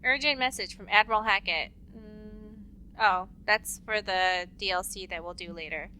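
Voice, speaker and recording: A woman's voice: medium pitch, moderate pace, pushed and bright, slight background noise. A woman co-hosting a let's play, chatting and giggling while she plays, sharing her theories aloud. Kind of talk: casual gaming chat.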